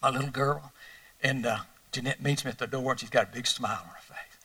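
An older man preaching a sermon, telling folksy personal stories that swing between loud emphasis and hushed moments. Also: mid-range voice, fast, far from the mic, poor audio. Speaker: pastor.

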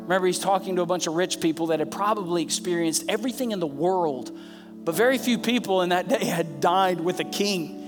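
Impassioned high-voiced male preacher. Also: brisk. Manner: passionate, rising to emphatic peaks; repeats phrases for emphasis. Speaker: pastor. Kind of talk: sermon. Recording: preaching over background music. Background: soft instrumental music.

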